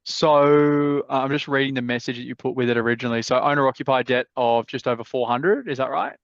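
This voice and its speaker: A man's voice: medium pitch, fairly quick, no echo. An Australian man hosting a live property mentorship call, giving blunt, laid-back advice and swearing freely. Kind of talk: casual advice chat. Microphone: video call. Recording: dull, dry video-call audio.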